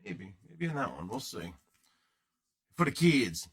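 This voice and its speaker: A man's voice: on the low side, big pitch swings, measured pace. A man hosting a card-breaking livestream, rambling and joking casually with his viewers in chat.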